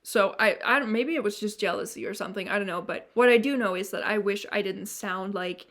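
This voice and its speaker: A woman's voice: medium pitch, fairly bright tone. Frank young woman vlogger with a mixed accent. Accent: mix of non-native European and American. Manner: rambling and frank, with many restarts and swearing; fast s sounds she dislikes. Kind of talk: candid to-camera vlog.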